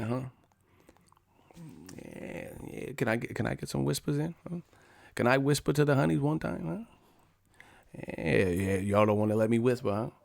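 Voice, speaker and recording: A man's voice: mid-range voice, vocal fry. A man hosting his boxing channel in a casual live-stream rant, profane and joking, breaking into laughter.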